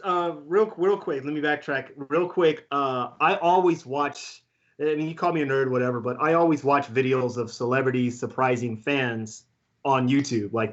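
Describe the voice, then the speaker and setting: A man, a guest, telling a story in a casual, excitable way and laughing often. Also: medium pitch, lo-fi sound. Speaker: guest beatboxer.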